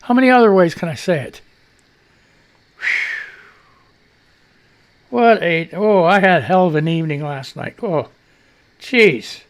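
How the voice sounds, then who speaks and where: Gravelly high-voiced radio host rambling. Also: male voice, unhurried, pauses often. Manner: chatty storytelling, frequent fillers and mild cursing. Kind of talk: casual rambling monologue.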